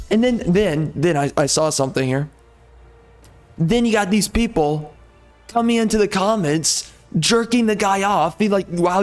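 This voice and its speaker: A video creator offers casual gameplay commentary, ranting in frustration and cursing mildly and often. His voice sits high.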